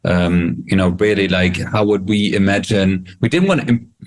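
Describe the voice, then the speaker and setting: A man with a low voice explains his product on an online panel. He talks quickly with many fillers, restarting phrases as he works through his ideas. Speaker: tech company representative. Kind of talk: panel discussion.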